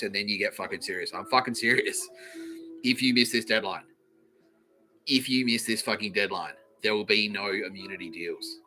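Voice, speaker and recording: Sweary low-voiced man ranting. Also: pushed and bright, poor audio. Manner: swears constantly, repeats phrases, laughs at own lines. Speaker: podcast host. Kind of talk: profane comedic monologue.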